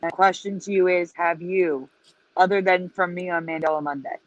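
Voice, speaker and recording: A woman's voice: fairly low pitch, steady tone, dry recording. Woman co-hosting a lo-fi livestream. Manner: explains slowly, asks viewers questions. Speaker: co-host. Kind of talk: casual livestream chat. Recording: dull lo-fi stream audio.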